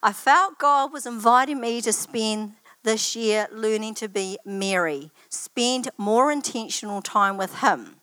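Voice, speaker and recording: A woman's voice: fairly high pitch, a little slow, few pauses, pushed and bright, dry recording. An older woman giving a personal testimony at church, telling stories in a chatty, anecdotal way with asides.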